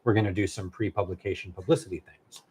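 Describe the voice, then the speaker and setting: A man, a novelist, telling a long story in casual conversation, animated and halting with many fillers and restarts. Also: low voice, breathy edge. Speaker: novelist guest.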